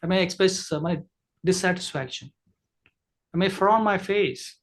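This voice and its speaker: Man, high-pitched voice, communication trainer, online masterclass, explanatory, filler-heavy. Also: measured pace, gravelly, long pauses. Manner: explanatory, many fillers and restarts.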